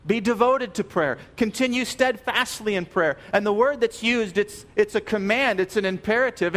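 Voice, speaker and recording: A pastor preaching a sermon, earnest and emphatic, repeating key phrases and dropping soft at the ends of phrases. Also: male voice, high voice, expressive, normal speed, few pauses.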